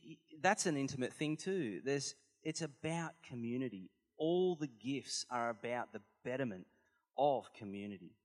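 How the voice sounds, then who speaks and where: A man's voice: medium pitch, in a large hall. A man giving a sermon as a pastor, earnest and conversational, telling stories to the congregation.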